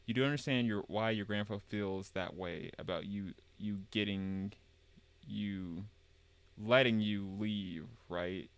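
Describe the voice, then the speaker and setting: A man's voice: fairly low pitch, a little slow, smooth. A man on a live stream reading game dialogue aloud and commenting on it wryly, often stumbling and correcting himself.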